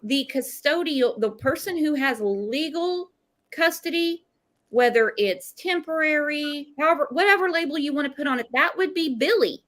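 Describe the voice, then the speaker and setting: A woman's voice: high voice, animated, normal speed, a bit bright. A woman hosting a true crime livestream, casually explaining and recapping events. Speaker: host.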